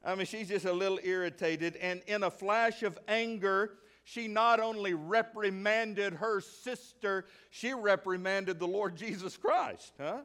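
A middle-aged male pastor preaching a sermon, animated, often asking the congregation questions and acting out the people in his story. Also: sits high, measured pace. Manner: animated, acts out voices and asks the congregation questions.

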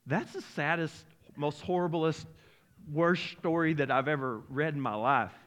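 Folksy, animated preacher man. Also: a little high, unhurried. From Arkansas-Oklahoma region. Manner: folksy, animated, emotional preaching with many restarts. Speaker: pastor. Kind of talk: sermon.

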